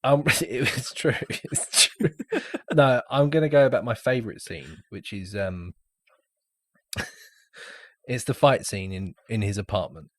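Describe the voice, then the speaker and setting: A man's voice: on the low side, a little slow, pauses often, a bit bright, no echo, studio quality. A British man in his thirties co-hosting a podcast, chatting casually, laughing often and sharing trivia. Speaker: podcast co-host. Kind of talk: casual movie chat.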